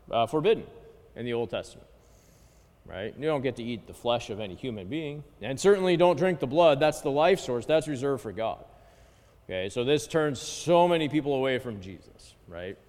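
A man leading a Bible study lesson who keeps checking in with his listeners by asking "okay?" and "right?". He reads Greek and Hebrew phrases aloud slowly. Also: mid-range voice, lively intonation, darkish tone. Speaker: Bible class teacher. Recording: reverberant hall.

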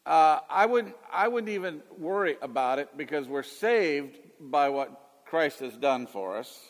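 This man in his late fifties is a radio Bible teacher fielding callers on call-in radio, his voice on the high side, animated and unhurried. He talks in a folksy, rambling way with restarts, and the sound has a big-room quality.

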